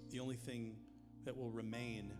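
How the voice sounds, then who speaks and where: A man delivers a sermon in a loose, conversational way, slipping in jokes between emphatic points. His voice sits in a middle register. It carries through a long, reverberant hall while music plays clearly underneath. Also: mid-range voice, little pitch movement, moderate pace. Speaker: preacher.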